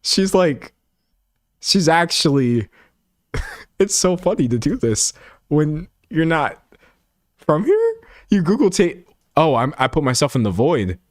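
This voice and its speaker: A man's voice: a little high, unhurried, pauses often, no echo. Young male streamer from Texas, casual chat with comments, plays up quotes, dry close sound. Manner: animated, mock-dramatic voices for quoted comments. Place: home room with a set backdrop.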